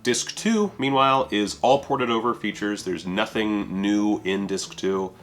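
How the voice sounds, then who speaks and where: A man's voice: on the low side, unhurried, soft background music. A man casually reviewing a home video release, offhand and self-deprecating, with casual swearing.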